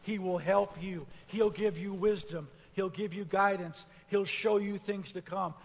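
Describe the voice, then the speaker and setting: A man's voice: high-pitched, fairly even intonation, unhurried, vocal fry, long reverb tail. A man preaching a sermon as pastor, building fervor through repeated phrases and mixing in casual asides. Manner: preaching with rising fervor, repetition.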